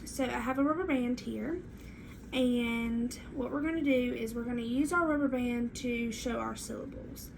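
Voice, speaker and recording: A woman teacher reads aloud and leads a reading lesson for young children, speaking clearly in a sing-song classroom manner. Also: fairly high pitch, normal speed, slight background noise.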